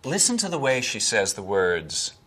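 A dialect coach giving analytical commentary, explaining phonetics precisely. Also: male voice, mid-range voice, very animated, moderate pace, fairly bright tone.

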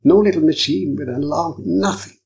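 A man's voice: on the high side, a little fast, vocal fry, darkish tone, pitched above the performer's own voice, low-quality recording. A man voicing a cautious, prim middle-aged English insurance man who keeps insisting he accuses no one. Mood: insistent. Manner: insistent, prim, protesting innocence.

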